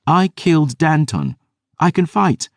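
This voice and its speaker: A man's voice: a little high, wildly swooping pitch, unhurried, no echo, studio quality, pitched above the performer's own voice, exaggerated voice. A man voicing a fierce, defiant teenage girl who talks in an insistent, pleading way.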